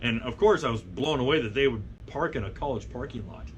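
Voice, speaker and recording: Middle-aged male host, mid-pitched, chatty and rambling, brightens when quoting, light background hiss. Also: a little fast, lo-fi sound. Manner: rambling, frequent fillers and restarts, animated when quoting people. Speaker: magazine editor and show host. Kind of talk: casual storytelling to camera.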